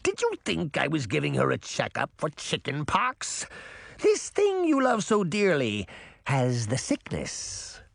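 Baba Yaga, a croaking old crone, voiced by a man. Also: a little high, wildly swooping pitch, fairly bright tone, no room sound, studio quality, pitched above the performer's own voice, exaggerated voice. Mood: dismissive. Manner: slow, dismissive, snapping. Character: ancient cranky female witch, old crone. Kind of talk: audiobook character voice.

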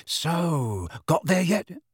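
A man's voice: on the high side, sing-song, a little slow, vocal fry, husky, dry recording, studio quality, pitched above the performer's own voice, full character voice. A man voicing an eager, mischievous teenage boy wizard in a storybook reading.

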